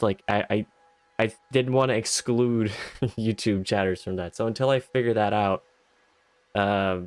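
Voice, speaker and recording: A man's voice: on the low side, dry recording. A young man streaming a video game live, talking in a goofy, rambling way that keeps interrupting itself.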